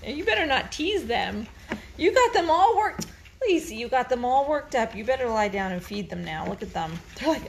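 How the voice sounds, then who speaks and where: A woman's voice: on the high side, expressive, moderate pace, gravelly, a little hiss or hum. A woman vlogging on her farm, chatting casually and cooing at her dogs in a singsong voice, laughing easily. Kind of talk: casual talk to dogs and camera.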